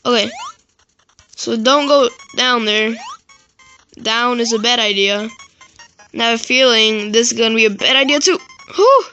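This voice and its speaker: A gaming YouTuber giving raging gameplay commentary, swearing and yelling in frustration and muttering to himself between outbursts. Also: medium pitch, fairly even intonation, moderate pace, pauses often, lo-fi sound, faint music behind.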